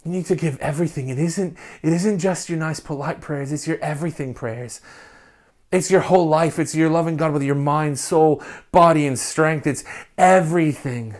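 Passionate pastor preaching. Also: male voice, a little high, moderate pace. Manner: passionate, swings between quiet and loud. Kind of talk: sermon. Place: church recording during lockdown.

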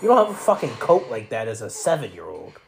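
A woman's voice: a bass voice, wildly swooping pitch, fast, creaky, a crowd in the background. A young woman hosting a movie reaction, blunt and sarcastic, swearing constantly. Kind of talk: profane reaction commentary.

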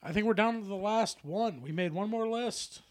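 A man co-hosting a podcast, excitable and profane in casual chat, laughing often. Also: high voice, normal speed. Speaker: podcast co-host.

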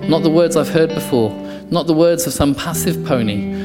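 Male pastor, impassioned sermon, high voice, roomy hall with guitar bed. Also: normal speed. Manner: passionate, repeats phrases, drops to quiet intensity. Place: church. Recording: echoey church hall, soft guitar behind.

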